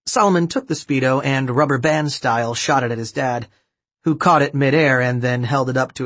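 Husky male audiobook narrator. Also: mid-range voice, moderate pace, a bit bright, no room sound. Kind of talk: scripted narration.

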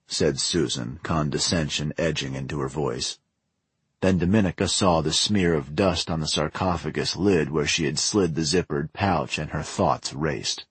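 A male narrator reads a spy novel with measured, even storytelling. His voice is very low and husky. The recording is dry and close. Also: dry recording. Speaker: audiobook narrator. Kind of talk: scripted narration.

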